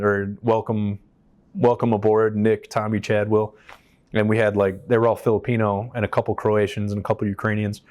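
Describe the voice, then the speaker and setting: Lowish-voiced man telling a candid story. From United States. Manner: animated, profane, acts out quotes. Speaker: interview guest, veteran. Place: on a stage in a shop.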